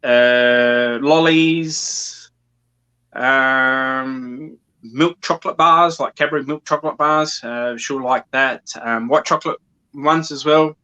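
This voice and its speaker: Bright-voiced Australian man, halting and casual. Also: mid-range voice, steady tone, clean tone, highs cut off. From South Australia. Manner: halting, many ums and repeated words. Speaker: interview guest. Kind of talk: casual video call chat.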